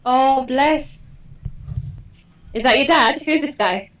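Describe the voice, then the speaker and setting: A woman's voice: high-pitched, slow, fairly bright tone, poor audio. A woman from Britain with a British accent, chatting casually and laughing easily. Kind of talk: casual chat.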